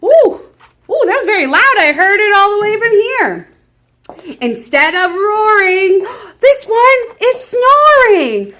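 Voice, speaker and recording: A woman leads a children's story hour with a high, animated voice that swoops all over the place. She takes her time, gasping and squawking along with the animals, and keeps inviting the little ones to join in. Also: slow. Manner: animated, with gasps and animal sound effects; addresses children, prompts them to join in. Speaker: children's librarian. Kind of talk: reading picture books aloud at story time.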